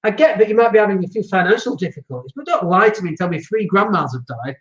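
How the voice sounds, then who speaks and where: A man's voice: high-pitched, lively intonation, fast talker. A man hosting a property investing show, talking bluntly in a casual monologue and acting out the voices he quotes. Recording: roomy, dull lo-fi sound.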